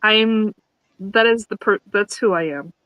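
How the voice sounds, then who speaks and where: A woman's voice: mid-range voice, unhurried, fairly bright tone, no echo, low-quality recording. A woman guest chatting casually and nervously, often repeating and restarting her words. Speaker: guest, newlywed bride. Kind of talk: casual chat.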